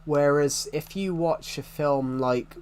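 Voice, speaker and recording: A man's voice: a little high, slow pace, darkish tone, a little hiss or hum. A young man from the UK with a strong regional British accent, chatting casually with viewers on a game stream. He rambles and corrects himself as he answers chat. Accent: British regional, strong R sounds. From United Kingdom. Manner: rambling, self-correcting, answers chat questions as they come.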